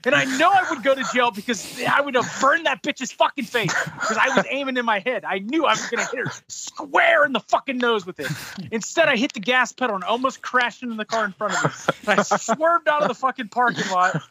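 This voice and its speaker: A man's voice: extremely high pitch, a little fast, husky. A man casually retelling a frustrating story as a podcast host, heavy on swearing and getting heated. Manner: profane, heated, animated retelling.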